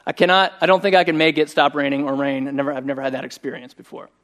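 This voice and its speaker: Man, middle-aged, preaching, conversational storytelling, fairly high voice. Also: very fast. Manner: conversational and animated, voicing quoted speech. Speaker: pastor. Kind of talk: sermon with personal story.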